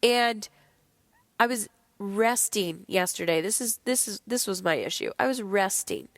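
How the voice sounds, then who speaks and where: A woman's voice: medium pitch, measured pace, no echo. A woman hosting a podcast, talking candidly and bluntly with lots of swearing while she is sick. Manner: blunt, profane, animated. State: sick, low energy. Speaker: podcast host. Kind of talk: candid motivational monologue.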